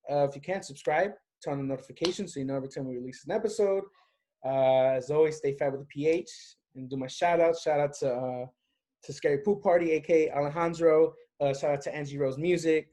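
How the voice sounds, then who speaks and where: Upbeat young man hosting a podcast. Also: on the high side. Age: 20s. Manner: upbeat, quick shout-outs. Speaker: podcast host. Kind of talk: casual podcast chat.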